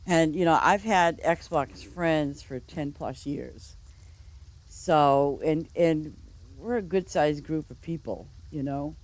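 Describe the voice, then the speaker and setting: A woman's voice: low-pitched, slow pace, darkish tone. Rambling woman streamer telling stories. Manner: rambling, lots of "you know" and restarts. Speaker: game streamer. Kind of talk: casual storytelling chat.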